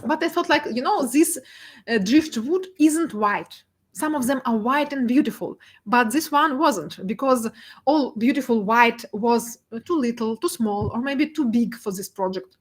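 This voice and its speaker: A woman's voice: a little high, lively intonation, unhurried. A young woman giving a presentation talk, laughing often and emotional, with many fillers and restarts. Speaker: guest speaker, data artist.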